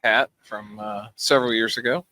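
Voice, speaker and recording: A man co-hosting a podcast, talking in a wry, casual way with frequent swearing and lively retelling of stories. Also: fairly low pitch, moderate pace, no room sound, low-quality recording. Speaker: podcast co-host. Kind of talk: casual chat.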